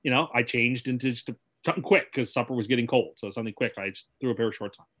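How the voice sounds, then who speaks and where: A man co-hosting a comedy podcast, talking deadpan and slipping into deliberately poor celebrity impressions. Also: medium pitch. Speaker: podcast co-host. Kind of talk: comedic banter.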